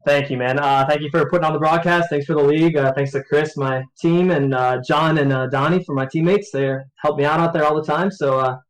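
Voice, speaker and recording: A man talking as a race driver in a post-race interview, relaxed, laughing often and rambling. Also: a little high, fairly quick, few pauses, low-quality recording.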